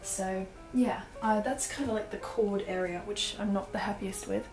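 A young Australian woman vlogs a casual tour of her small apartment, her accent wandering toward British as she giggles and fills gaps with fillers. She has a mid-range voice, a steady tone and a moderate pace. The recording carries small-room echo and faint background music.

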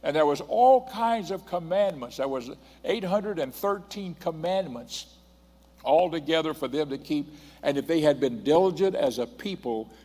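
A man's voice: on the high side, expressive, normal speed, dark tone. An older man preaching a sermon, reading scripture aloud and emphatically repeating his points to the congregation. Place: church sanctuary. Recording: long hall reverb.

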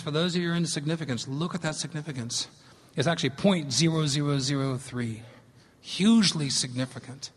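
A man in his fifties giving an animated, emphatic public science lecture in a large hall. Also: fairly high pitch. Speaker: lecturer on fungi. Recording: long reverb of a lecture hall.

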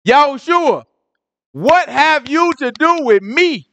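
A man voicing a high, pleading evil spirit. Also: expressive, slow, fairly bright tone, in a large hall, exaggerated voice.

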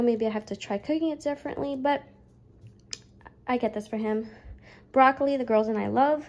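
A woman's voice: a little high, gravelly, darkish tone, slight background noise, rough recording. A young woman chatting casually through her grocery haul at home, a little out of breath, with many fillers. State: pregnant, slightly out of breath. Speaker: vlogger.

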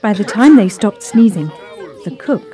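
A woman narrating a children's story in a calm, clear, measured way. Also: mid-range voice.

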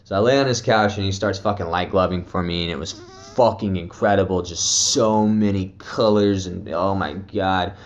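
A young man tells a rambling story in a loose, laid-back way, swearing freely and often breaking into laughter. His voice sits a little low. The sound is dull and lo-fi, like a basic home recording. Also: moderate pace, hardly any pauses. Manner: loose, profane, laughing storyteller with many fillers. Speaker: vlogger. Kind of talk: casual storytelling, trip report.

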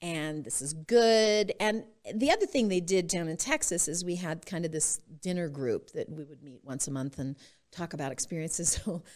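A middle-aged woman with a somewhat low voice tells her personal story as a podcast guest. She speaks expressively and laughs often as she goes. She is from Utah. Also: expressive, moderate pace, darkish tone.

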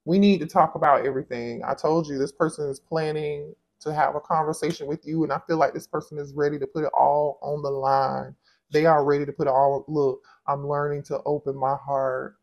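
A man with a fairly high voice gives a casual tarot reading. He is animated and exclaims often. He talks straight to his viewers as if they were friends. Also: moderate pace, gravelly, lo-fi sound. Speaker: tarot reader.

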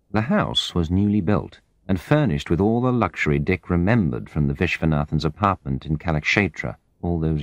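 Deep-voiced man narrating an audiobook. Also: no echo. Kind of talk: scripted narration of a graded reader.

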